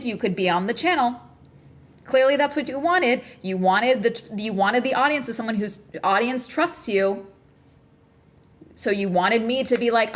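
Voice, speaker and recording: A woman's voice: a little high, a bit bright. A woman streamer in casual livestream chat, still agitated and ranting with lots of swearing and bursts of laughter.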